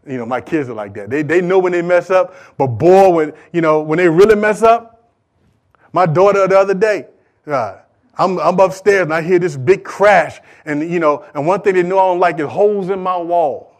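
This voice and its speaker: A man preaching a sermon as pastor, swinging between loud, fervent stretches and hushed ones, asking the congregation questions and repeating words for emphasis. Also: sits high, normal speed. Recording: audio recording of a live sermon.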